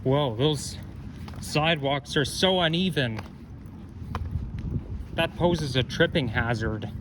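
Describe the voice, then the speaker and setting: A man narrates an outdoor walk in an unhurried, rambling way, often correcting himself. He sounds a little out of breath. Cars and street noise carry clearly behind his voice. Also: a little high. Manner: rambling, self-correcting, chatty. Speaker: vlogger. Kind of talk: casual walking commentary. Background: traffic and street noise.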